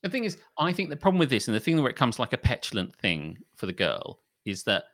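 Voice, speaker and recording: A man's voice: medium pitch, fast. A young man co-hosting a casual chat podcast, swearing freely and acting out mock arguments. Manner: animated, sweary, acts out mock dialogue. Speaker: podcast co-host.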